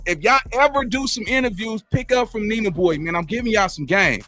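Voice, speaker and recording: Animated high-voiced man reacting to clips. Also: fairly quick, soft background music. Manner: animated, repetitive, profane street slang. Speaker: commentary host. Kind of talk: reaction commentary.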